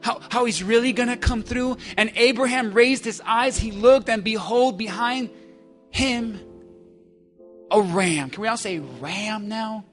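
Male pastor, high and bright, dynamic sermon delivery with crowd call-and-response, soft music bed. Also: measured pace. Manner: energetic preaching, call-and-response with congregation, shifts from hushed to shouting.

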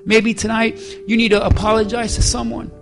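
High-voiced man preaching with emphatic swings. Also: flat delivery, fairly quick, creaky, over music. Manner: emphatic preaching, swinging between loud calls and hushed lines. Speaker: pastor. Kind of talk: sermon.

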